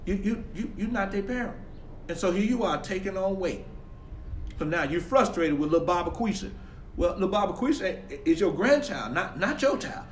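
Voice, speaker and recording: A man's voice: high voice, lively intonation, moderate pace. A man preaching emphatically, repeating and restarting his words as he drives his points home, then praying for his online viewers. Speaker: pastor. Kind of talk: livestreamed sermon and prayer. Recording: echoey room with faint ambient noise.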